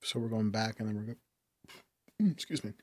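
A man's voice: on the low side, unhurried, dry recording. A man playing a tabletop game, chatting casually and asking lots of questions in a joking way. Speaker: player.

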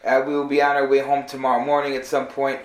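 A man's voice: medium pitch, monotone, fast. A man co-hosting a casual comedy podcast, talking in a loose, rambling way. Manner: loose, rambling, with repeated words. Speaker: podcast co-host. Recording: echoey room.

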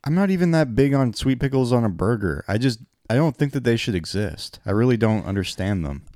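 A man co-hosting a podcast in casual chat, easygoing and quick to laugh. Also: medium pitch, big pitch swings, a little mellow, dry recording, studio quality. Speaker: podcast co-host.

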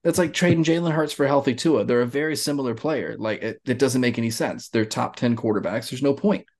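A man's voice: mid-range voice, fast, darkish tone. A man co-hosting a sports podcast, joking loosely and swearing freely in casual chat. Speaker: podcast co-host.

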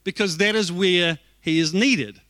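Bright high-voiced man preaching. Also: unhurried, no room sound. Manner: lively, joking asides to the congregation. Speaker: pastor. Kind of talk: sermon.

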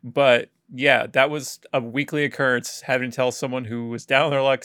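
A man's voice: medium pitch, level tone, moderate pace, a bit bright, dry recording. A man in his thirties co-hosting a podcast, chatting casually and telling stories with a dry, wry humor. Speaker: podcast co-host. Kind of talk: casual chat. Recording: dry close recording.

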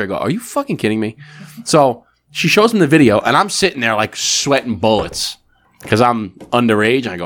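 A man's voice: medium pitch, very animated, a little fast, fairly bright tone. A man in his thirties co-hosting a podcast, telling a story in casual, profanity-laced chat. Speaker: podcast co-host.

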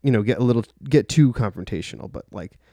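A man's voice: medium pitch, lively intonation, fast talker, dark tone, no echo. A young man telling a personal story in a casual, rambling way, full of filler words and swearing. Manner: rambling, heavy use of "like", profane.

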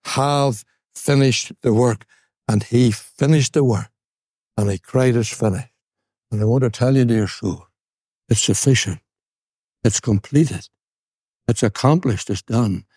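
A man's voice: medium pitch, warm tone, dry recording, studio quality. Earnest Northern Irish man preaching. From Northern Ireland. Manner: earnest, repeats words for emphasis; slows down and stresses key phrases. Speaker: gospel preacher. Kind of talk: evangelistic sermon.

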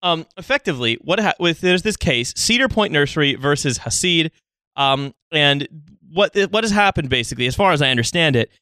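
Bright-voiced sardonic male podcast host. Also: fairly high pitch, lively intonation, a little fast, clean tone, no room sound. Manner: sardonic, laughs often. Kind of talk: casual political chat.

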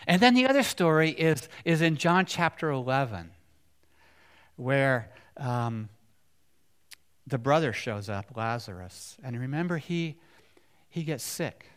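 Guy preaching, chatty, keeps asking the room questions, gets loud then drops real quiet. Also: mid-range voice, big pitch swings, a little slow, pauses often, clean tone. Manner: conversational, asks the congregation questions, swings from loud to hushed. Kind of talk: sermon.

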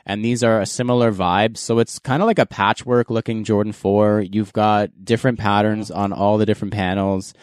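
A man's voice: lowish voice, normal speed, hardly any pauses, smooth, no room sound, clean studio sound. A man hosting a casual podcast, moving the talk along and reviewing sneakers in an easygoing way. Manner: relaxed, hosting and giving sneaker reviews with laughs. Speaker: podcast host.

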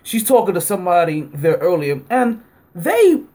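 Animated podcast host telling a story. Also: male voice, normal speed, slightly rough. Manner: animated, acts out both sides of an argument with rising pitch; heavy use of fillers like "like" and frequent laughter. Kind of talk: casual storytelling.

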